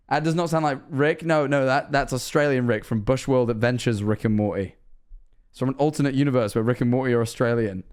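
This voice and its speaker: Speaking fairly quickly in a clear, resonant mid-range voice, this young English streamer has an English accent. His casual reaction livestream is full of rambling, jokes and swearing.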